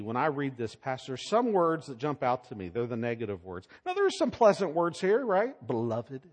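Animated preacher in a reverberant hall. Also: male voice, mid-range voice. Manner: dramatic swings from loud emphatic to hushed. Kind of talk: sermon.

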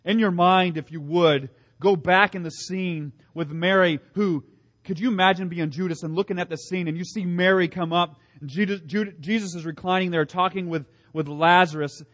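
A male pastor preaches with earnest emphasis and builds his points through rhetorical questions and repetition. His voice sits fairly high for a man. He drops low and soft for weight, then pushes up again. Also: steady tone, moderate pace. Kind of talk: sermon.

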